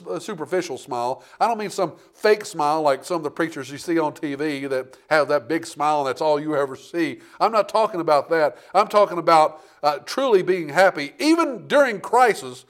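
Emphatic preaching male pastor. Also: fairly high pitch. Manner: emphatic preaching with rising bursts and dramatic quoted voices. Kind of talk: sermon.

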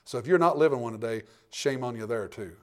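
A male pastor preaching a sermon, reading scripture aloud and swinging between loud fervent preaching and hushed, intimate storytelling. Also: medium pitch, fast talker. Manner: reads scripture aloud in King James wording.

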